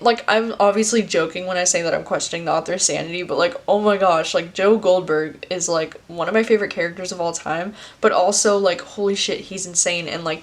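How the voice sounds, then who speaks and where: A woman in her twenties chatting casually to camera about books, full of "like" fillers and casual swearing. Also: on the low side. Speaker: book video creator. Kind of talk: casual chat.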